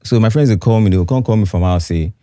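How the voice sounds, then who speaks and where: A young man with a Nigerian accent, a singer guest telling stories softly and hesitantly, slipping into Pidgin. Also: fairly low pitch, quick pace, dry recording, clean studio sound. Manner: soft-spoken, hesitant, mixes Pidgin. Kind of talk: casual storytelling interview.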